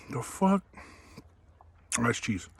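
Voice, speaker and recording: A man's voice: mid-range voice, sing-song, drawn-out words, vocal fry, fairly bright tone, a little hiss or hum. A man doing a casual food review vlog, swearing bluntly and crudely, sometimes talking while chewing.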